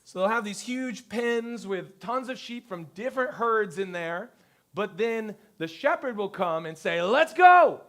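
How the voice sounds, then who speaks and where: A male pastor giving a conversational sermon to his congregation, telling lively stories and acting out the people he quotes. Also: high-pitched, unhurried. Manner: lively storyteller who acts out quotes. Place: church service before a congregation.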